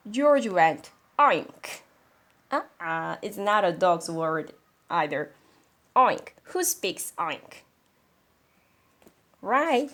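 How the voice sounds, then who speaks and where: A woman, an English teacher reading a children's story aloud and explaining words in a chatty, animated way. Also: on the low side. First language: Korean. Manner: animated, chatty, laughs often.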